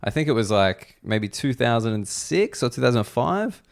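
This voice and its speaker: A man's voice: medium pitch, sing-song, moderate pace, vocal fry. An Australian man hosting a comedy podcast, chatting loosely with lots of filler words. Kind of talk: casual interview chat.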